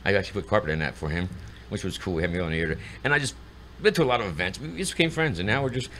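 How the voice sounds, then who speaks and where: A man's voice: low voice, animated, rapid-fire, pushed and bright, slight background noise. A middle-aged man, a guest in casual chat, telling rambling stories and acting out what people said. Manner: rambling storyteller acting out quotes.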